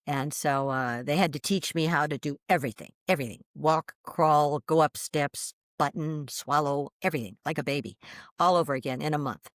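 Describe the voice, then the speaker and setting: Animated older woman telling her story. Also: low-pitched, normal speed, no room sound, studio quality. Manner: animated, lively storyteller acting out quoted voices. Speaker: guest. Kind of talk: storytelling in an interview.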